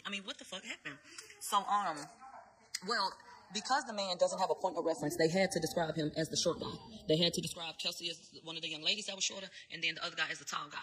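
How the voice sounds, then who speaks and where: A woman's voice: on the low side, poor audio. A woman giving a casual commentary vlog, speaking bluntly and with a lot of profanity, talking straight to her viewers. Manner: quick, animated retelling of testimony. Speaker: vlogger giving trial updates.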